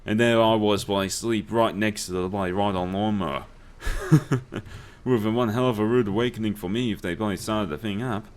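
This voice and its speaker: A young man with a lowish voice talks a little fast, hosting a let's play. He tells stories packed with swearing and laughs his way through them while gaming, casual chatter over the gameplay.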